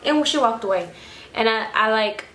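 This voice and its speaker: A young female vlogger's fairly high voice echoes around the room as she animatedly recounts a story from home. Her speech comes in fast bursts, laced with frequent swearing.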